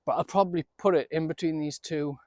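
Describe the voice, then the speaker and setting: A man's voice: fairly high pitch, steady tone, quick pace, darkish tone, no room sound, studio quality. A man giving a casual, chatty running commentary while he works on his allotment garden outdoors, often laughing and talking to himself.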